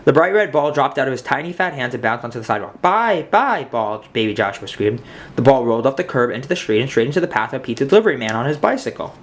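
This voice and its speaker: A man reading a picture book aloud as narrator, with animated, expressive storytelling. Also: mid-range voice, rapid-fire.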